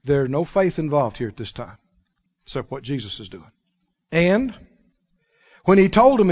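High-voiced preacher guy, swoops all over, laughs a lot, dull lo-fi audio. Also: unhurried, long pauses. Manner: animated, emphatic, laughs often. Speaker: pastor. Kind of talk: sermon. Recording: dull lo-fi recording.

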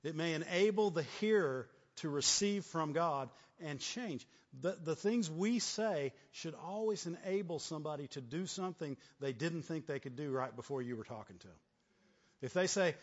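A pastor with a voice on the high side and lively intonation preaches at normal speed. He punctuates his sermon with frequent "right?" and "amen?" in repetitive call-and-response fashion, stammering and laughing often. It's recorded in a church hall with long reverb and a dull, lo-fi sound.

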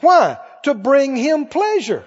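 A man preaching a sermon to a congregation, animated, laughing often and asking them questions. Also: very high-pitched, takes it slowly, dull audio.

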